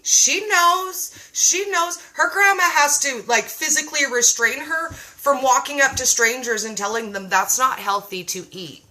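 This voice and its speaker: A woman hosting a casual live-stream chat, reading viewer comments aloud in an animated way. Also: fairly high pitch, normal speed, hardly any pauses, low-quality recording. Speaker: live show host. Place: home.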